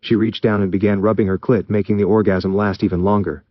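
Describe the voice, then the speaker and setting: Low-voiced man reading a story. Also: little pitch movement, fast talker, no echo, highs cut off. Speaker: story reader. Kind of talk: reading fan fiction aloud.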